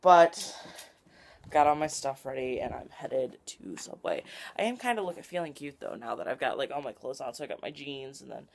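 A young vlogger chatting casually on camera in a daily vlog, rambling and filling every pause with "like" and "literally". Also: medium pitch, very animated, creaky. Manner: rambling, filler-heavy, says "like" and "literally" a lot.

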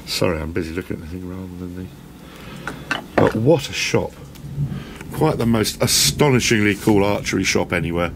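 A man with a deep, creaky voice gives a rambling, enthusiastic walk-around tour of an indoor shop at a moderate pace. He's self-deprecating, and background noise can be heard.

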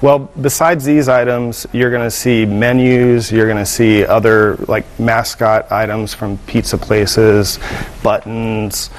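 A man's voice: lowish voice, level tone, slow, rough recording. A man who founded a museum, guesting on a TV talk show and explaining his collection in a friendly way. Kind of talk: TV interview. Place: TV studio.

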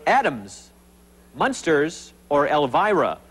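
A man's voice: a little high, wildly swooping pitch, slightly rough, rough recording. A man hosting a TV game show in a studio, upbeat and jokey, bantering with contestants. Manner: jokey, bantering, quick to laugh. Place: TV studio with live audience. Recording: 1980s TV broadcast, loud audience noise. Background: studio audience.

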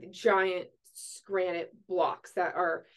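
Lady host, kinda low voice, rambly, says "like" a lot. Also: level tone, takes it slowly. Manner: chatty, rambling, many likes. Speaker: podcast host. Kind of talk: casual chat.

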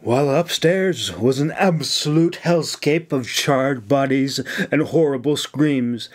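A man narrating his own fantasy novel in a slow, dramatic reading. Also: medium pitch. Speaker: author and audiobook narrator. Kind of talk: scripted audiobook narration. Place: home sound closet lined with blankets.

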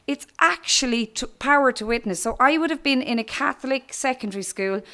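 A woman's voice: sits high, fast talker, hardly any pauses, sharp tone. A woman with an Irish accent giving her church testimony, telling her story with laughter and acting out the voices of others.

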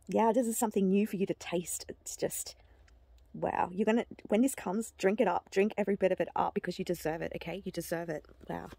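Gushing excitable woman reading oracle cards. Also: medium pitch, creaky, husky, no echo. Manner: gushing, excitable, bursts of delighted exclamations; halting restarts and repeated words. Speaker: psychic card reader. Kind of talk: oracle card reading to camera.

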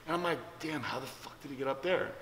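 Speaking fast in a fairly high, fairly bright voice, this man hosts a vlog and casually rambles through a story full of likes, ums and other fillers. Long reverb from an echoey room surrounds him.

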